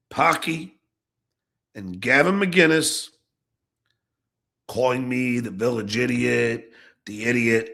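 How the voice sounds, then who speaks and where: Gravelly, furious ranting podcast host. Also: male voice, mid-range voice. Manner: heated, profane, swings from shouting to muttering. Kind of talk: angry ranting monologue.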